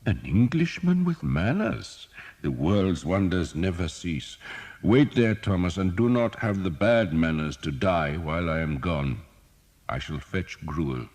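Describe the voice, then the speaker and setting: A man voicing a cheerful, sardonic old male doctor who teases slowly and deliberately. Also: deep voice, expressive, a little mellow, pitched above the performer's own voice. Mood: wry. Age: older. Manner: wry, teasing, slow and deliberate.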